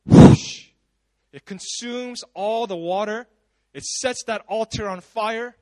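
A man preaching a sermon at a church service, retelling stories in a casual, animated way with frequent conversational asides. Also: sits high, measured pace, no echo. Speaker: pastor.

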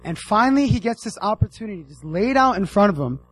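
A man preaching a casual sermon with a slightly high, husky voice. He jokes, teases and calls out to the crowd in an animated way. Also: fast, poor audio. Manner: animated, joking, addresses the audience directly.

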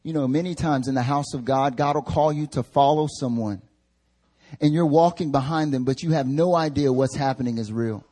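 A young male pastor preaching a sermon in a casual, slangy, animated way. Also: medium pitch, normal speed.

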